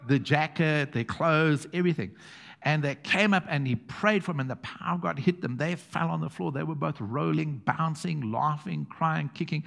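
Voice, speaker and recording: A middle-aged South African man preaching a sermon as pastor, telling stories with chuckles and quiet emphatic asides. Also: on the high side, normal speed, creaky. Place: church hall. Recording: long hall reverb.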